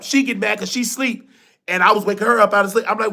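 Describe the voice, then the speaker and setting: Man, livestream host, high voice, gravelly, casual animated storytelling. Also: fast talker. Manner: animated, colloquial, emotional retelling.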